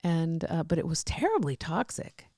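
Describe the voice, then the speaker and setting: Middle-aged woman rambling through personal stories, low gravelly voice, dry close sound. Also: very animated, moderate pace, warm tone, no echo. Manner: rambling, with restarts and laughs. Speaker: podcast guest. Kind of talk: candid personal storytelling.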